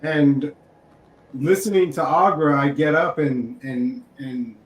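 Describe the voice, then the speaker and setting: A man's voice: fairly high pitch, slow pace, roomy sound, rough recording. A man playing a tabletop game, speaking weary in-character lines. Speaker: player.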